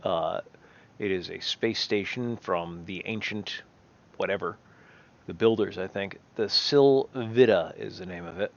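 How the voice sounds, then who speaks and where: A man's voice: low voice, measured pace, lo-fi sound. A man giving casual, rambling game commentary, often correcting himself as he thinks aloud. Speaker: gameplay commentator.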